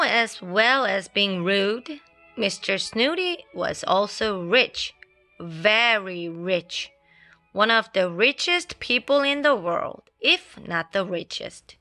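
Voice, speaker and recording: Slow, lilting woman reading a children's story. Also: fairly high pitch. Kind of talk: reading a children's picture book aloud. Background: soft classical music.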